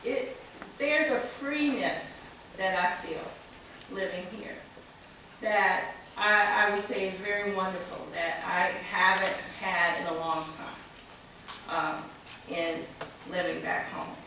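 An American woman giving a conference keynote, slightly under the weather with a cold, speaking in a deliberate, measured way with touches of dry humor. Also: medium pitch, sharp tone. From United States. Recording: echoey hall from far off, faint noise.

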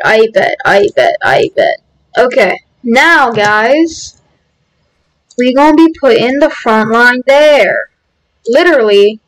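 A woman hosting a strategy game let's-play, excitable and bursting into cheers and shouts. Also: on the high side, low-quality recording. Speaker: gaming video host.

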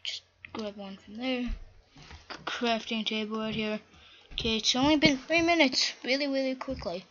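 A woman with a fairly high voice hosts a gaming video at a moderate pace, recorded on a dull lo-fi mic with faint noise. She chats casually while playing, gets flustered easily, and bursts into panicked shouts.

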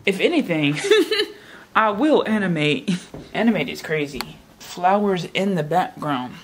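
A woman chatting casually to camera in her home kitchen, slangy and thinking out loud, now and then slipping into a put-on British accent. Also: lowish voice, animated, measured pace, slight background noise. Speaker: vlogger. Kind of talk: casual vlog chat.

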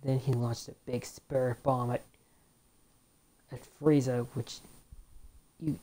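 A woman's voice: extremely low pitch, steady tone, slow, warm tone. A woman host giving chatty let's-play commentary, reacting to a fighting game and reading its text aloud. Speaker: gaming channel host.

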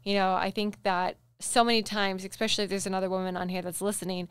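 A woman hosting a casual interview, emphatic and encouraging, telling stories in an animated way. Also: mid-range voice, quick pace, clean tone, no echo. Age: adult, with a daughter. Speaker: podcast host.

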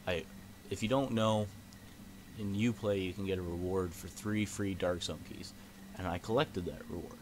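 A young man giving casual gameplay commentary, frustrated and swearing, now and then yelling at the game. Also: low voice, fairly even intonation, normal speed, noisy background.

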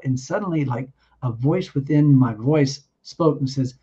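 A man giving his personal testimony in an earnest, halting way, often restarting his sentences. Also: mid-range voice, darkish tone, breathy edge, dull audio.

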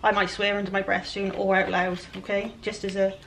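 A Welsh woman with a fairly bright, mid-range voice that barely moves in pitch chats quickly and self-deprecatingly to viewers while painting furniture outdoors, flies around her work area. She's a furniture flipper doing casual DIY vlog narration, on a low-quality recording with slight hiss or hum.

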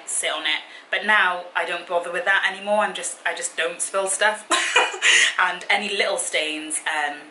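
Young woman, chatty vlogger, bright lowish voice, recorded in an echoey room. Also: a little hiss or hum. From Britain. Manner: chatty, easily sidetracked, laughs often. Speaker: fitness vlogger. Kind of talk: casual Q and A chat to camera. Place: hotel room.

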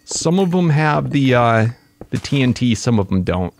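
Man, let's play commentary, gravelly voice, lively swooping pitch, dry close sound. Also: normal speed, slight background noise. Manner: excitable, exclaims at creatures. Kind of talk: casual gaming commentary.

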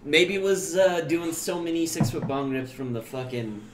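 A man co-hosting a casual livestream podcast, stoned, slow and rambling, with coughing fits. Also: fairly high pitch, expressive. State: high, coughing. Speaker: podcast co-host. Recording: echoey room with faint noise.

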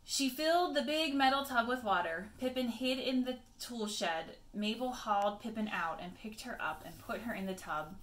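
A woman teacher reading a picture book aloud to children, expressive, with chatty asides to her pupils. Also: a little high, moderate pace, few pauses, echoey room.

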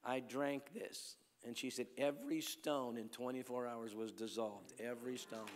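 A man preaching at a healing crusade, telling stories and swinging between loud calls to the crowd and hushed lines. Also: medium pitch, steady tone, normal speed. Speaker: evangelist preacher. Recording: long hall reverb.

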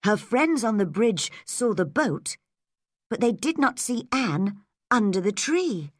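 Slow, lively woman narrating a story. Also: mid-range voice, dry recording, clean studio sound. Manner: slow, clear, measured reading. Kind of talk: graded-reader story narration for learners.

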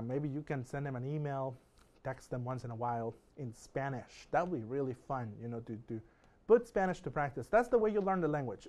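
A middle-aged man leads a recorded distance-learning lesson in a friendly, playful, chatty way. His voice sits on the higher side for a man. He slows right down to model each word. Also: darkish tone. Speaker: Spanish teacher.

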